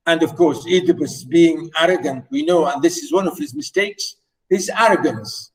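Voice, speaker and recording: A man's voice: a little high, animated, moderate pace, recorded from a distance, low-quality recording. A man teaching a play, hesitant, with many fillers, repeating and rewording phrases as he explains. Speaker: literature teacher.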